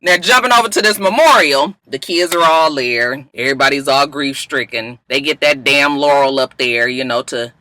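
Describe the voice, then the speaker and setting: Sassy man with a sharp, bright voice. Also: medium pitch, moderate pace, hardly any pauses, low-quality recording. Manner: sassy, profane, talks to viewers as y'all. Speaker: TV recap vlogger. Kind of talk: casual episode recap.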